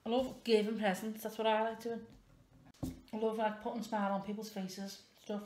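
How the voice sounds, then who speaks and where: A woman's voice: medium pitch, flat delivery, fairly quick. A woman in her thirties, chatting casually and rambling in a self-mocking way as a vlogger while wrapping presents at home. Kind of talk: casual vlog chat. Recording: echoey room with clear background noise.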